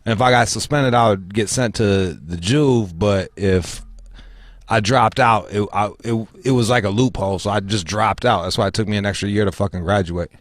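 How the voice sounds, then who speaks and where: A man's voice: on the low side, normal speed, no echo, studio quality. A man hosting a casual talk show, swearing freely and laughing as he rants. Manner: profane, animated, laughs often. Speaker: show host.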